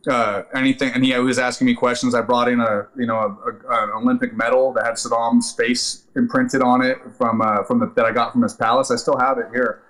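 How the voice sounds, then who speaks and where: A man, an actor and army veteran, telling a lively story as a podcast guest, casual and profane, with many fillers. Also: medium pitch, fairly quick, hardly any pauses, poor audio.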